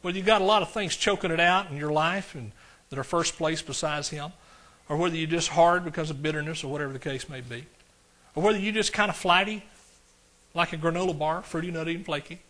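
Male pastor, sermon delivery, slightly high voice, dynamic and conversational with the crowd. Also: quick pace. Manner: animated, swings from loud preaching to quiet asides; talks directly to the congregation, asks questions.

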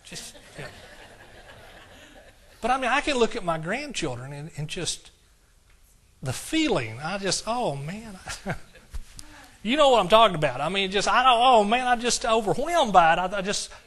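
A man's voice: high voice, expressive, normal speed, a bit bright. An older man preaching a sermon with fervent, emotional delivery, often calling out to the congregation. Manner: emotional, fervent preaching with audience call-outs. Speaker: pastor.

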